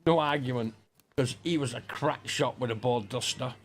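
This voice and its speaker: A man's voice: medium pitch, normal speed, slight background noise. A middle-aged man, rambling and swearing through school anecdotes while playing a game. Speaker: gaming streamer. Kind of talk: casual storytelling over gameplay.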